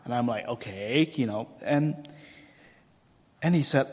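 A man's voice: mid-range voice, unhurried, pauses often, darkish tone, breathy edge. A man, a hospital chaplain, preaching a conversational sermon in a church and telling a story with lots of fillers. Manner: chatty and storytelling, many fillers, acts out dialogue. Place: church sanctuary. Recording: long church reverb.

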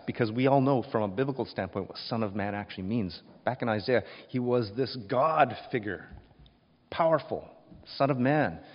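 A male preacher delivers a sermon in an expressive, emphatic storytelling manner, at a mid-range pitch. His voice has a long reverberant tail, and the recording is dull and lo-fi.

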